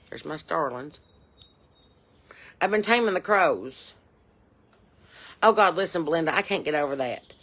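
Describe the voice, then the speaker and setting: Here a comedy character host in her forties improvises as a chatty, nosy Southern porch mom, drawling and rambling outside on her porch. The woman's voice is low but has a fairly bright tone.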